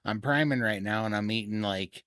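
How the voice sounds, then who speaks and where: A man's voice: fairly low pitch, normal speed, fairly bright tone, smooth, no room sound, studio quality. A man hosting a casual live-stream chat, easygoing and laughing often.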